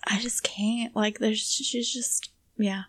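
A woman's voice: a little high, steady tone, takes it slowly, a bit bright. A woman co-hosting a podcast, reacting to a true crime story with strong feeling and some swearing. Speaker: podcast co-host. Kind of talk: casual chat.

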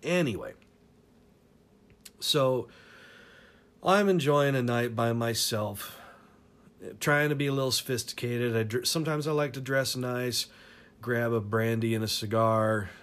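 A man spins a crude personal anecdote in an easy, casual way. He rambles, swears freely and chuckles at his own story. His voice sits at an ordinary middle pitch. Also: measured pace, long pauses, fairly bright tone. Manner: rambling, profane, laughs through his stories.

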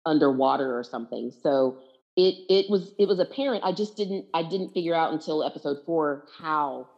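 A woman with a low, mellow voice talks frankly in a relaxed chat, quick to set her partner straight. The sound is a bit dull and lo-fi. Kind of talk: casual chat.

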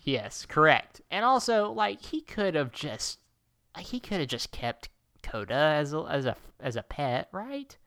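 Bright-voiced man in casual chat. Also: on the high side, big pitch swings, measured pace, no echo, studio quality. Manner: jokey, rambling plot recap with silly quoted voices. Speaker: podcast co-host.

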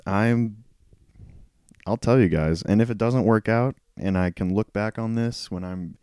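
Deep, mellow-voiced male podcast host. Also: a little slow, clear, resonant tone, dry recording. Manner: candid and self-deprecating, with frequent laughs. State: throat-clearing, losing his voice. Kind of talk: casual solo podcast talk.

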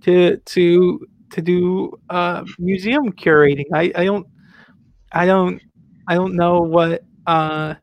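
A man's voice: sits high, fairly even intonation, slow pace, gravelly, dry recording, muffled recording, exaggerated voice. A man voicing a nervous young museum apprentice who stammers and trips over his words. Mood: flustered. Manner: stammering, flustered.

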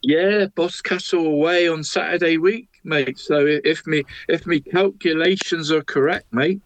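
A man's voice: fairly high pitch, moderate pace, dry recording. A man co-hosting a casual local football chat show, jovial and peppering nearly every sentence with "mate".

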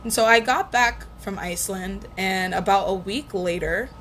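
A young vlogger in her twenties candidly recounts the pain of her first breakup, telling it casually and profanely. Her medium-pitched voice is a bit bright and moves at a moderate pace, with faint background noise in the recording.

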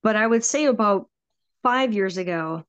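A woman guest telling a personal ghost story in a casual, animated way. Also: medium pitch, moderate pace, smooth. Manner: animated, acts out quoted voices.

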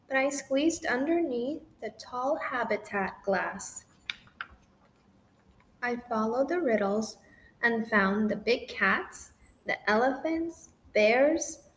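A woman reading a rhyming children's picture book aloud in an expressive, sing-song way. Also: a little high. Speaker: storybook reader. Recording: roomy echo with faint noise.

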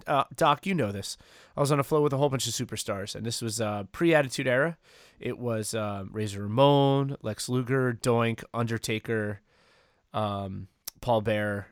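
A man's voice: fairly low pitch, no echo, clean studio sound. Pria santai bercerita panjang, rekaman kering. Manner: rambling storyteller, many fillers and restarts. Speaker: podcast co-host. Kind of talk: casual chat.

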